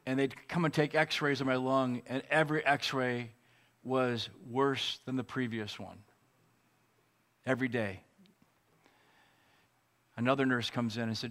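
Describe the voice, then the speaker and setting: A man who is a pastor, preaching a sermon and telling a personal story in an earnest, emotional way with pauses. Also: mid-range voice, steady tone, a bit bright.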